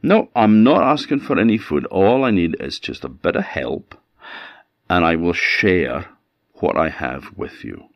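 A man's voice: low-pitched, lively intonation, measured pace, vocal fry, no room sound, lo-fi sound, full character voice. A man with an Orkney Scots accent voicing a cunning old beggar who coaxes and wheedles. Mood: coaxing. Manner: wheedling, persuasive, chuckling. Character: cunning old male beggar, coaxing and sly.

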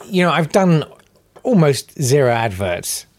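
A man telling funny stories about his voiceover jobs, tripping over his words and laughing at himself. His pitch swings widely as he talks. The sound is dry and close. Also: big pitch swings, unhurried, a little mellow, no room sound. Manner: self-deprecating, stammering restarts, puts on silly voices in anecdotes. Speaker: voice actor and podcast guest. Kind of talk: casual chat.

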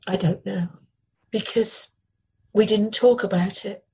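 Grieving middle-aged woman, husky, halting, repeats herself. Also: medium pitch, steady tone, a little mellow, poor audio. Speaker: interviewee, bereaved widow. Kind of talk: emotional news interview.

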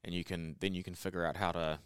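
A deep-voiced New Zealand man in relaxed podcast chat, mostly adding short agreements. His low voice is smooth and resonant, recorded dry and close. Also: fast, no echo. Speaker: podcast co-host. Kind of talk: casual chat.

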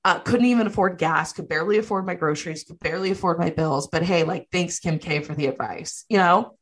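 Husky-voiced woman in blunt podcast chat. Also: on the low side, a little fast. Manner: blunt, swears freely, animated mock quotes. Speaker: podcast co-host. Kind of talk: casual chat.

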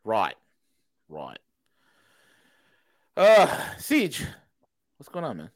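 A man's voice: mid-range voice, expressive, moderate pace, dry recording. A man hosting a casual podcast chat, teasing his co-hosts and laughing often. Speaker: host.

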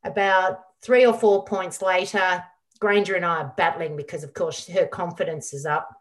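A middle-aged woman, a guest on an interview show, telling a lively story full of quoted dialogue. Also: fairly low pitch, normal speed. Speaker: guest, former squash champion.

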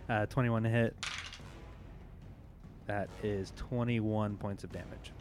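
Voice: medium pitch, slow. A player in a tabletop game, reading out attack rolls and damage with laughter. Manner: animated, laughing dice calls. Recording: background music.

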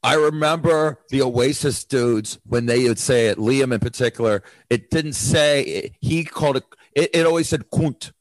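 A man's voice: medium pitch, moderate pace, no echo, rough recording. A man from the United States, a comedian guest on a talk show, chatting and joking. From USA. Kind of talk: casual chat.

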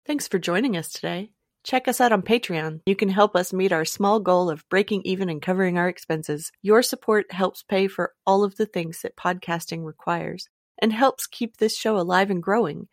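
A woman's voice: lowish voice, moderate pace, no room sound, clean studio sound. A woman podcast host reading a scripted outro, making a friendly direct appeal to listeners.

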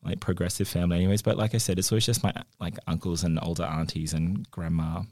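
A man's voice: sits low, little pitch movement, quick pace, darkish tone, no room sound, studio quality. A young man telling personal stories openly and with feeling, as a guest on a podcast. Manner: open, emotional storytelling. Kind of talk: casual conversation.

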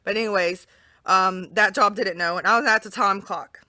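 Bright-voiced woman telling a heartfelt story. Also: medium pitch, moderate pace, no echo. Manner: earnest, animated, repeats for emphasis. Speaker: interview guest. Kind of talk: emotional personal storytelling in conversation.

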